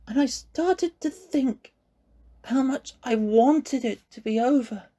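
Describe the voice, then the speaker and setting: A man reading aloud and voicing a grief-stricken young boy, high and strained, crying and pleading. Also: steady tone, unhurried, warm tone, exaggerated voice. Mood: anguished. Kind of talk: audiobook reading.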